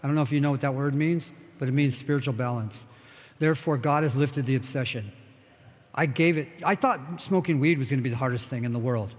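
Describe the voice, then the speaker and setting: A man's voice: medium pitch, a little fast. An older American man giving a candid, rambling talk on stage and answering audience questions, blunt and full of swearing. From United States. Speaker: guest speaker. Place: expo talk stage in a large hall. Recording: long hall reverb.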